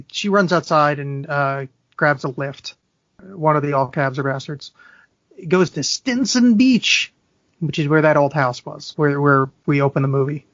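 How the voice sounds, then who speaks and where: Middle-aged male podcast co-host, wry recapper, slightly high voice, dry lo-fi sound. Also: no echo. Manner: wry, self-deprecating, recapping the plot. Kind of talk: casual movie review chat.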